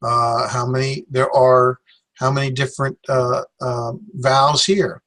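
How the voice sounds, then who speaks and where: A man's voice: mid-range voice, little pitch movement, fairly bright tone. Man teaching Greek syllables. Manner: halting, many fillers, sounds out syllables slowly. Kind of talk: classroom lecture.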